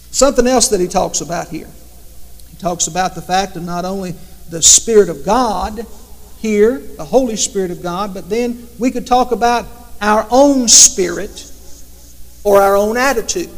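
Guy preaching, high voice, chatty, acts out prayers, big echoey church sound. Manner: conversational, acts out imagined prayers to God. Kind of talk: sermon. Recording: long hall reverb.

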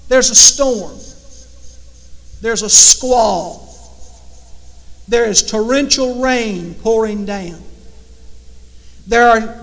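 A man delivers a sermon in a high voice. He swings between loud, emphatic lines and hushed, drawn-out ones, and a long reverb trails each phrase. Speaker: preacher.

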